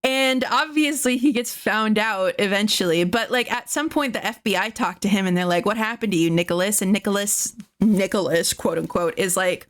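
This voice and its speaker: A woman's voice: mid-range voice, moderate pace, hardly any pauses, fairly bright tone. A woman streamer retelling a story in casual chat, rambling with lots of fillers, swearing and laughing often.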